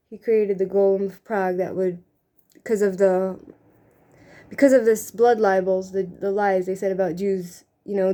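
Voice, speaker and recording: A drag queen with a Brooklyn accent talks casually while putting on makeup. The voice is warm and mellow, sitting in a middle pitch. The talk rambles, with frequent restarts and "you know" tags.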